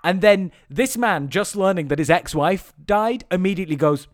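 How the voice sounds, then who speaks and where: A man's voice: sits high, animated, normal speed. A man co-hosting a casual film-review chat, rambling and sweary, acting out scenes in mocking voices. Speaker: podcast co-host reviewing a film.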